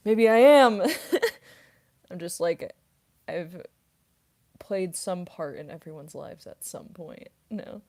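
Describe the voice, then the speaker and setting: Giggly young woman with a lower voice. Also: sing-song, slow, long pauses, a little mellow. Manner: rambling, frequent "like" fillers, giggly. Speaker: voice actress and streamer. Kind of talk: casual livestream Q&A chat.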